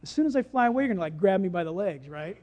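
Brief: scared little bird, put on by a preacher, nervous, lively pitch. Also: racing, close to an everyday voice. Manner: nervous and doubtful. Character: frightened little sparrow.

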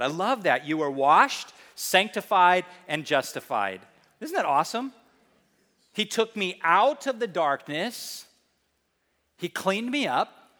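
A middle-aged man preaching as a pastor, telling stories with emphasis and reading scripture slowly and deliberately. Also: high voice, very animated, pushed and bright, in a large hall. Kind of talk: sermon.

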